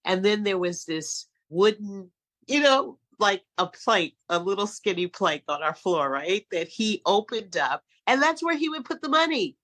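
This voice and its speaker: A middle-aged woman from San Francisco, a guest telling animated stories in a casual interview. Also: medium pitch, measured pace. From San Francisco, California. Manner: animated storyteller, acts out quotes. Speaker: guest, casting director and acting coach.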